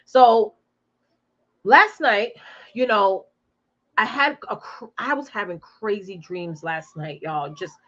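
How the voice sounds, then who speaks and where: A woman's voice: medium pitch, slow pace, long pauses, sharp tone, dull audio. A woman in her forties chatting casually from home, reading out viewer comments and talking straight to them. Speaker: live stream host. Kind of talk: casual chat with live viewers.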